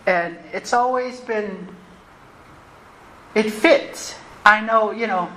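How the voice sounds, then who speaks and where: A woman, telling her personal recovery story to a meeting in a candid, conversational and animated way. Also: medium pitch, slow pace. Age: 60s. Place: meeting hall. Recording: roomy hall, faint noise.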